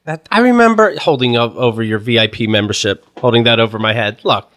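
A man's voice: medium pitch, animated, a little fast, a bit bright. A man co-hosting a casual podcast, ranting with a lot of swearing and frequent laughter. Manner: profane, ranting, laughs often. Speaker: podcast co-host.

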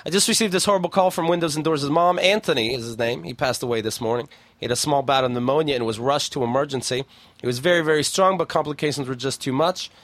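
A man's voice: mid-range voice, fast, a bit bright, dry recording. A man hosting a podcast, chatting casually and reading forum posts aloud in a wry, blunt way, swearing freely. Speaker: podcast host.

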